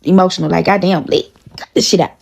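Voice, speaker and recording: She's a storytime vlogger in her thirties, chatting casually to viewers in a blunt, profane, heated way. The voice is lowish, husky and darkish with vocal fry, delivered quickly.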